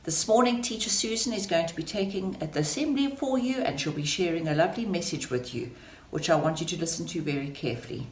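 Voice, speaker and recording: A woman's voice: fairly low pitch, lively intonation, quick pace. A woman who leads the school, encouraging young children in an assembly message. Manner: warm encouraging address to children. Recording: echoey room.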